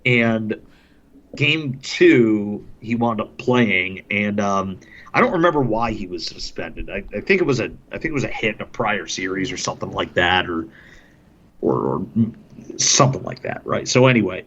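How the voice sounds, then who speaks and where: A man's voice: on the low side, fairly bright tone, highs cut off. Chatty man telling hockey stories. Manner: laughs often while telling anecdotes. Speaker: podcast guest, hockey broadcaster. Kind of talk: casual storytelling.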